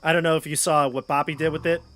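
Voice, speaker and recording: A man running a tabletop role-playing game as game master, narrating in a loose, relaxed way. His voice sits somewhat high. Soft music plays faintly behind him. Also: fast talker. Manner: relaxed, casual narration with fillers.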